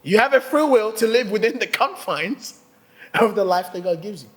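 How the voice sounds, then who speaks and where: Man preaching, lively swooping pitch, storytelling, acts out voices, laughs along. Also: normal speed, in a large hall. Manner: animated, acts out quoted voices, laughs often. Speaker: pastor. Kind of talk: storytelling sermon. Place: church hall.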